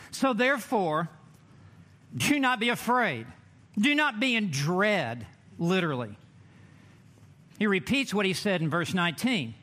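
A man preaching a sermon in a church, emphatic, with dramatic pauses and drawn-out words. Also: sits high, a bit bright. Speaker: pastor.

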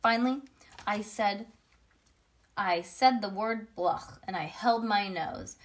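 A woman reads a children's chapter book aloud. Her delivery is lively and expressive, with the odd small slip. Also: medium pitch, slow.

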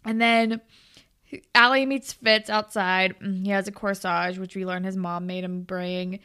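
A woman's voice: medium pitch, steady tone, measured pace, pushed and bright, clean tone. A woman co-hosting a casual chat show, animatedly retelling a TV episode and acting out the characters' lines. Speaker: podcast co-host recapping a TV episode.

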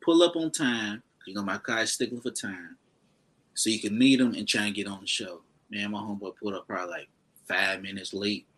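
A man with a low, slightly husky voice tells a story from his early days in comedy in a loose, casual way. He plays out the voices of the people in it as he goes. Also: brisk, poor audio. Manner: animated storyteller, acts out quotes. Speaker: guest comedian.

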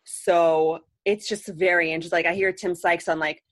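A woman in her thirties, talking as a guest in a casual interview. Her voice sits a bit low, and she rambles along with fillers and dry humor. The sound is close and dead dry. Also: steady tone, moderate pace, dry recording. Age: 30s. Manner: rambling, full of "like" and "um", wry humor. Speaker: interview guest, trading contestant.

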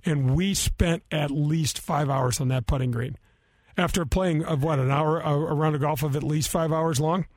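A man in his fifties rambles through a funny, self-mocking anecdote, full of restarts and "uh"s. His voice sits a bit high, recorded close and dry with no room sound. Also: steady tone, moderate pace, no echo. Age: 50s. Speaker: co-host, former golfer. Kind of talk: casual storytelling chat.

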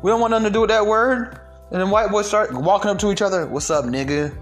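A man's voice: sits high, fairly even intonation, quick pace, faint music behind. A young man delivering a heated, profane rant of social commentary, emphatic and blunt.

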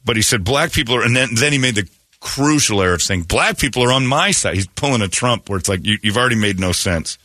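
A man talks through a casual comedic chat with a bright, forward tone set a little low in pitch. He riffs animatedly and mockingly, now and then jumping up into high put-on voices for a bit. The sound is dry and close. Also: fast talker, no echo.

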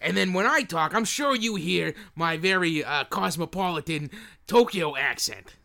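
A man's voice: sits high, animated, gravelly, pushed and bright, full character voice. A man doing a rambling, scheming film producer. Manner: rambling, halting with many fillers. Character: scheming male film producer, sleazy and eager. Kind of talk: improvised comedy sketch.

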